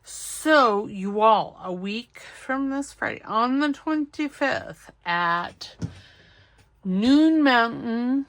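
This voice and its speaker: A woman's voice: fairly high pitch, animated, very slow, a bit bright. A woman hosting a crafting video, chatting casually and rambling as she searches for supplies and corrects herself. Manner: rambling, scattered, self-correcting. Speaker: craft channel host.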